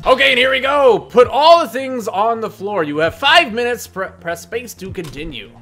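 Excitable gamer guy, bright forceful voice, jokey let's play commentary, faint music behind. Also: extremely high pitch, moderate pace, few pauses. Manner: excitable, jokey, loud outbursts. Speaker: gaming video host.

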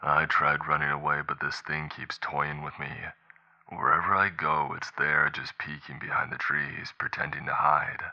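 Brief: man reading a doomed, wounded pilot, low and tense on a dull recorder, very deep voice. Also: level tone, normal speed. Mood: grim. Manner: low, tense, hushed reports. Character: wounded, hunted male pilot logging his last messages. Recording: muffled lo-fi recorder playback.

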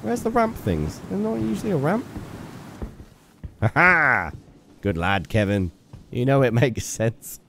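A man's voice: mid-range voice, big pitch swings, unhurried, creaky, long pauses, sharp tone, slight background noise. A young man giving playful live gameplay commentary, chatting to his viewers and scolding an in-game character. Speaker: game streamer.

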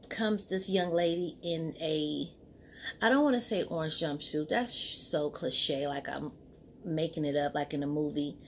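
A woman's voice: low-pitched, measured pace, slight background noise. A woman in her forties telling a personal story in a casual vlog. She rambles with many fillers, reenacts what people said, and drops to a near-whisper at emotional moments. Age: 40s. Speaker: storytelling vlogger. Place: home set lit by a ring light.

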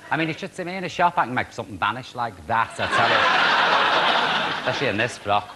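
Camp brassy drag host. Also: male voice, mid-range voice, lively intonation, racing, heavy background noise. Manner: brassy camp patter in a female persona. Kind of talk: comic sketch with studio audience.

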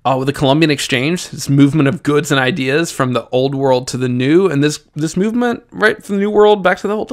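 A man's voice: on the high side, a little fast, hardly any pauses. Upbeat Southern-accented male teacher. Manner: lively, jokey, talks straight to students. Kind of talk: exam review lesson.

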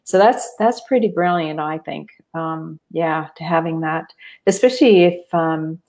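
A woman's voice: low-pitched, measured pace, a little mellow, a little hiss or hum. A woman co-hosting a radio talk, explaining at length in a rambling, thoughtful way with many fillers. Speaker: radio co-host. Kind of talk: casual radio chat.

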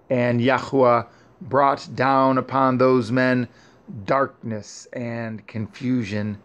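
A man reading an old scripture narrative aloud in a measured, solemn way, with frequent pauses. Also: medium pitch. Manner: measured, solemn, pausing often. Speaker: scripture reader.

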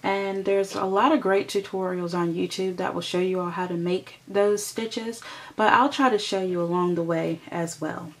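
A woman's voice: mid-range voice, steady tone, normal speed. A woman hosting a crochet tutorial, patiently explaining each step and counting stitches aloud as she works.

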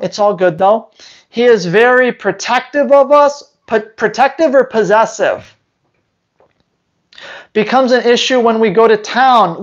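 A man's voice: very high-pitched, lo-fi sound. A man who hosts a dog training channel, answering viewer questions live in a blunt, teasing way full of rhetorical questions.

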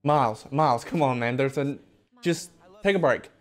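Brash young guy, casual game commentary, swears a lot, mid-pitched voice. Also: normal speed. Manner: brash, joking, swears often, talks back to the game. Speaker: gaming video host.

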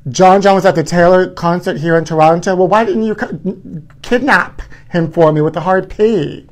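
A man's voice: high voice, normal speed. A man hosting a live stream, chatting in a campy, gossipy way and calling his viewers honey. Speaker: livestream host.

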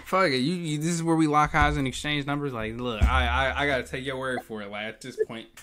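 A man's voice: medium pitch, steady tone, quick pace, bright, forceful tone, a little hiss or hum. A man in his twenties hosting a video chat prank, teasing strangers with profane, joking banter. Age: 20s. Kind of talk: casual chat.

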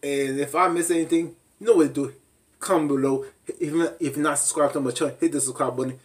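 A man recapping a reality show in a casual vlog, animated and laughing, mimicking people with high squeals. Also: fast talker, distant mic. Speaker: reality TV reviewer.

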